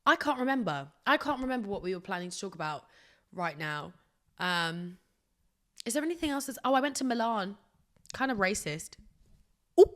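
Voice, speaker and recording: A woman chats on her own podcast in a loose, rambling way. She mocks herself as she goes and jumps from loud outbursts to hushed whispers. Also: medium pitch, normal speed, pauses often. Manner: rambling, animated, self-mocking storytelling with sudden whispers. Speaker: podcast host. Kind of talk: casual solo podcast chat.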